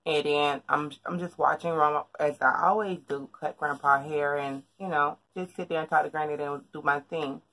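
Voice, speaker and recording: Low-voiced young woman vlogging from her bedroom. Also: fairly even intonation, moderate pace, hardly any pauses, a bit bright. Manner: rambling, chatty, with many fillers and restarts. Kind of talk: casual storytelling vlog. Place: bedroom at home.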